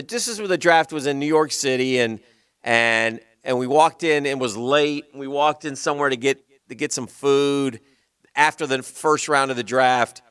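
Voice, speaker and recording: A male sports radio host with a slight Southern US accent, rambling in loose banter and sinking into a low mutter. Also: a bit bright, clear, resonant tone, dry recording. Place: radio studio. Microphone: studio microphone.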